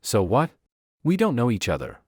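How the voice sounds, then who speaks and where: A man's voice: medium pitch, huge pitch swings, moderate pace, darkish tone, slightly rough, no room sound, studio quality. A man voicing an obsessive young female vampire, clingy one moment and icy the next, in a recap storybook narration. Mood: cold, possessive. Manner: intense, possessive declarations.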